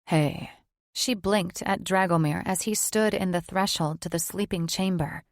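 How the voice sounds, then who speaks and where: A woman reading a fantasy romance audiobook in a steady, even narration. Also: lowish voice, moderate pace, dry recording, clean studio sound. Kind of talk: scripted narration.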